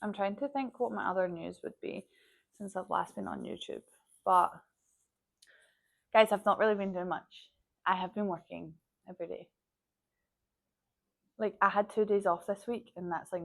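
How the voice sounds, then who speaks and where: A young Scottish woman talks straight to the camera in a relaxed vlog, chatty and a little scattered. She tells stories by acting out what everyone said, and "like" pops up all the time. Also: on the low side, moderate pace, gravelly, long pauses. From Scotland. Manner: animated storytelling, acts out quoted dialogue, frequent "like". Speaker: vlogger.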